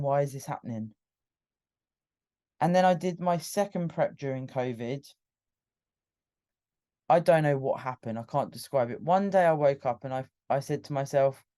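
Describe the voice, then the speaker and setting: Candid British woman with a mellow voice. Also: low voice. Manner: candid and emotional, with frequent restarts. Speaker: podcast host. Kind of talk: personal storytelling monologue.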